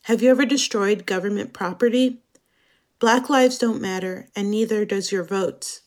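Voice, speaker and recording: In this scripted dramatic monologue, the narrator is a German woman whose medium-pitched voice carries a darkish tone. She talks slowly, measured and introspective throughout.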